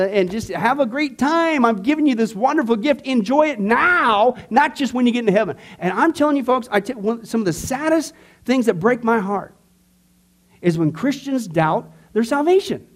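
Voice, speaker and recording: A man teaching a church discipleship class, earnest and conversational, swinging from emphatic to quiet. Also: very high-pitched.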